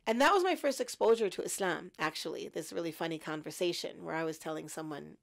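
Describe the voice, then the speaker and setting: A woman in her fifties, a podcast guest, telling her story in an animated, self-mocking way. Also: on the low side, quick pace, gravelly.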